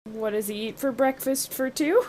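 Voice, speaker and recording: A woman's voice: high-pitched, normal speed, dark tone. A woman playing a tabletop game, chatting in a light, playful way. A faint hiss of noise sits behind her voice. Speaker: player. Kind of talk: casual game chat.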